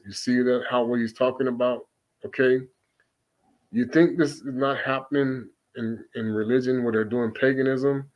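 A man preaching on scripture. He reads archaic passages aloud slowly, then breaks off to comment emphatically and fire off rhetorical questions. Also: medium pitch, fairly even intonation, rough recording. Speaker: religious teacher.

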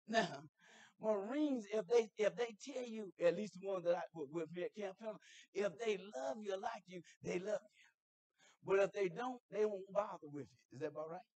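High-voiced preacher, church sermon. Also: male voice, moderate pace, pauses often, dry recording. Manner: conversational storytelling that builds to shouted preaching; asks the congregation questions. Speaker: guest preacher, military chaplain.

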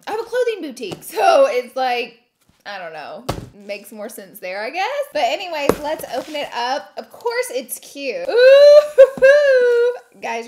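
A woman in her thirties hosting a casual unboxing vlog, chatty and bubbly, laughing often. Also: fairly high pitch. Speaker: beauty YouTuber host.

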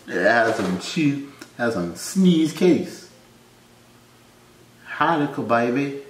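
Guy doing reaction vids, slow easygoing talk, yelps and laughs, echoey room. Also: on the high side, slight background noise. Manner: loud startled exclamations and laughter between wry remarks. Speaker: reaction video host. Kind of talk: casual reaction commentary. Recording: roomy echo with faint ambience.

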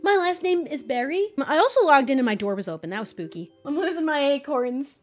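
Young female streamer, bright-pitched and animated, chatty game commentary. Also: a little fast, soft background music. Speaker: Minecraft streamer. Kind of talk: casual gameplay commentary.

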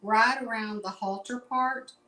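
A woman's voice: a little high, fairly even intonation, a little slow, pushed and bright, poor audio. A middle-aged woman gives a casual painting tutorial, chatting and rambling in folksy asides while she works. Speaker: painting instructor.

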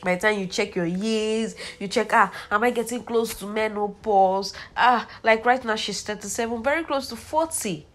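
Young Nigerian woman, gossip vlog host, chatty and exclamatory, mid-pitched. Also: normal speed, hardly any pauses, a bit bright. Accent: Nigerian English. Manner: chatty, exclamatory, addresses viewers as "my dear". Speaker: celebrity gossip vlogger.

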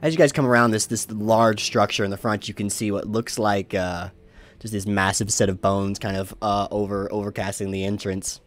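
A man's voice: fairly low pitch, fairly even intonation, normal speed. A man narrating as game master in a tabletop game, rambling through scenes with many fillers and restarts.

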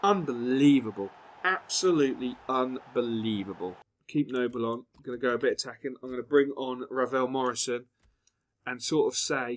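A young man giving live gameplay commentary, excitable, swearing and yelling at the match. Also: medium pitch, fairly quick, slight background noise. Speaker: gaming video creator.

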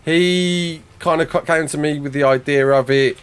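A man's voice: a little high, fairly even intonation, moderate pace, clear, resonant tone. A young English man streaming a game live, chatting casually and reading viewer comments aloud as he answers them. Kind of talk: casual live-stream chat while gaming. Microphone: desk mic with face cam.

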